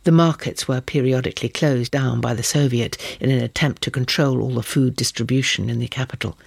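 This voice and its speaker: A man reading a novel aloud in measured, vivid storytelling narration. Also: mid-range voice, steady tone, vocal fry, husky, no room sound. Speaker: audiobook narrator. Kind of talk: scripted narration.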